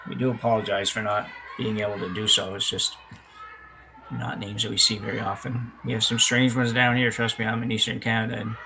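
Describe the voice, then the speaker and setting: A man calling a curling game with relaxed, rambling chat, often correcting himself. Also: fairly low pitch, a little fast, creaky, noisy background. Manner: chatty, rambling, self-correcting. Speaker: curling commentator. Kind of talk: live sports commentary, casual chat. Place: curling club, indoors.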